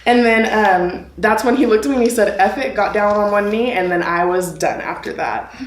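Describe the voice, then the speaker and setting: A woman's voice: mid-range voice, moderate pace. Young woman with a roomy, noisy recording. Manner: animated, laughing as she retells the day. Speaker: bride-to-be telling her engagement story. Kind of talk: casual storytelling to camera.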